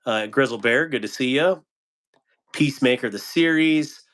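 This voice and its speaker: Male livestream host, casual and relaxed, mid-range voice, reads chat between chuckles. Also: medium pitch, normal speed. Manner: laid-back, chuckles often, trails off with ums.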